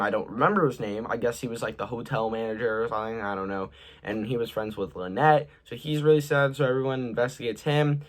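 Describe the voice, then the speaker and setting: A man's voice: medium pitch, fairly bright tone. A young man giving a casual, rambling movie review, full of fillers, his voice trailing off at the ends of sentences.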